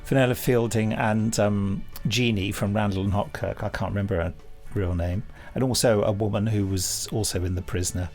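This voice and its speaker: Gravelly-voiced man chatting on a podcast. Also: fairly low pitch, steady tone, moderate pace, a little mellow, faint music behind. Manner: chatty, wry and digressive. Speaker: podcast co-host. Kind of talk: casual podcast commentary chat.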